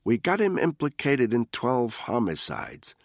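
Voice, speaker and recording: A man voicing a brash, impatient male surveillance analyst in an audiobook, blunt and wisecracking, with a husky voice. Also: medium pitch, huge pitch swings, measured pace, dry recording, studio quality, pitched above the performer's own voice, exaggerated voice.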